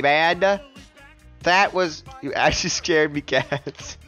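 A young man streaming a speedrun, chatting to his viewers in an excitable, jokey and self-mocking way. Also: a little high, drawn-out words, soft background music. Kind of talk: live gameplay commentary to chat.

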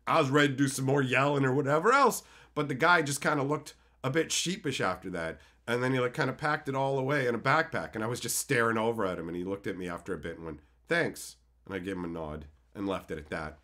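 A man's voice: medium pitch, fast, sharp tone. A man with a Canadian accent ranting on a live stream, profane and heated as he talks to his viewers.

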